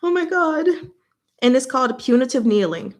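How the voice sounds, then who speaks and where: A woman hosting a casual book discussion, animated and exclaiming, often breaking into laughter. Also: high voice, normal speed. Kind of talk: casual chat.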